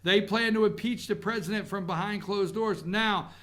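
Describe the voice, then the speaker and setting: A man hosting a talk show monologue, animated and blunt, swinging from loud outbursts to low muttering. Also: moderate pace.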